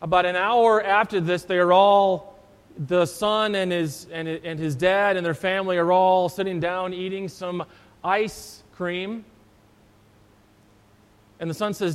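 A man's voice: high-pitched, steady tone, a little slow, clear, resonant tone, big-room sound. A man, a pastor, preaching a sermon and telling a story in a conversational way. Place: church.

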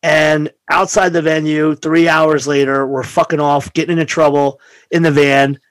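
Casting: man with a slightly high voice, dry close mic, swearing as he tells tour stories in loose podcast chat. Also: moderate pace, dry recording. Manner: animated, profane, acts out quoted voices. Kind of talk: casual storytelling chat.

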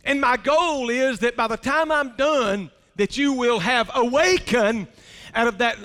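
A man's voice: very high-pitched, a bit bright, big-room sound. An older male pastor preaching a sermon in a church, telling folksy stories and drawing out key words for emphasis. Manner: folksy storytelling with drawn-out emphasis. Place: church sanctuary.

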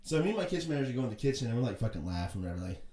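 A man's voice: mid-range voice, big pitch swings, very fast, dark tone. A man co-hosting a podcast, telling a story in casual chat, laid-back and swearing freely. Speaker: podcast co-host. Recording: roomy echo.

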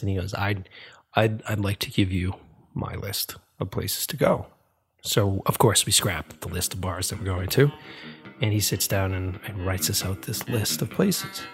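A man casually telling a story in a chatty, animated way, laughing often and using many fillers. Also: on the low side, husky.

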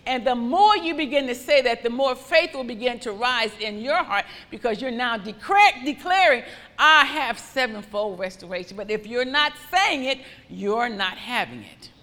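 A woman preaching a sermon with fervent, repetitive declarations that rise into loud praise. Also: fairly high pitch, animated, moderate pace, few pauses, long reverb tail.

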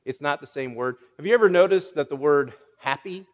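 A man's voice: a little high, brisk. A man preaching a sermon as pastor, playfully teasing his congregation and often repeating words as he restarts a phrase. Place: church sanctuary. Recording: long hall reverb.

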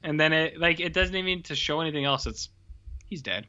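Man with bright, tense voice, dull lo-fi audio, relaxed film chat. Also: a little high, a little fast, smooth. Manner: relaxed, filler-heavy. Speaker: podcast co-host. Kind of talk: casual film discussion. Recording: dull lo-fi sound.

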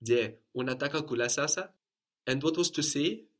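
Man, language teacher, patient step-by-step explanations, mid-pitched voice. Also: normal speed. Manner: patient, explains step by step, models phrases for repetition. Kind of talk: spoken language lesson.

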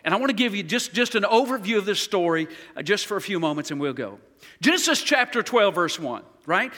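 A man's voice: high-pitched, very animated, brisk, bright, forceful tone. A man preaching as a guest pastor in a church, leading the congregation in call-and-response. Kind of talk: sermon. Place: church sanctuary. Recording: long hall reverb.

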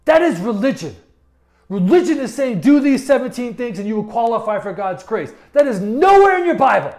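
A man's voice: very high voice, sing-song, fairly quick, a little mellow. A man preaching a sermon with passion, often stammering and restarting his words. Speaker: pastor.

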